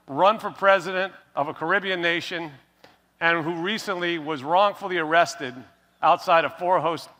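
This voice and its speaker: A middle-aged man on a conference stage, talking to the crowd with a crisp, bright tone that sits a little high. He tells jokes and rouses the room like a practiced storyteller. His stage mic carries into the long echo of a large hall. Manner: jokey, crowd-rousing storyteller. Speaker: onstage speaker and interviewer. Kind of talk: stage talk with a joke told to a crowd.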